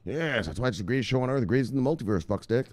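A man hosting a casual crypto news vlog, excitable and profane, with frequent laughing asides. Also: medium pitch, very fast, no echo. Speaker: host.

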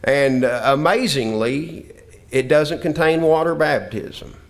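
A man's voice: on the high side, lively intonation, slow. A man preaching a sermon lesson in an earnest, scripture-quoting way, often repeating himself.

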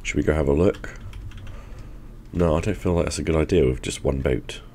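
Deep-voiced man musing over game moves. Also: a little fast, mellow, a little hiss or hum. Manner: thinking aloud while planning moves. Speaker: gaming channel host. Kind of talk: casual gameplay commentary.

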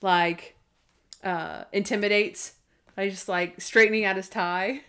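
A woman's voice: medium pitch, fairly even intonation, unhurried, fairly bright tone. Chatty young woman podcast co-host. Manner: chatty, full of "like", acts out characters' lines. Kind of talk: casual chat recapping TV episodes.

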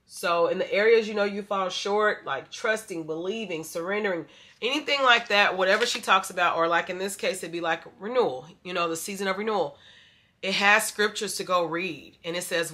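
A young adult woman vlogger chats casually with her viewers about faith and her plans, calling them "y'all." Her voice is medium-pitched and sharp, her pace a little quick, and allergies leave her sounding slightly stuffy.

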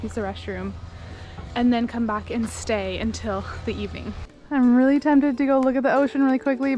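A young woman talking casually through a travel vlog, upbeat and chatty, often laughing while she walks around outdoors. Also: a little high. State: out of breath while walking uphill. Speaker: travel vlogger. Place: outdoors and in a small town, walking. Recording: music playing behind her voice.

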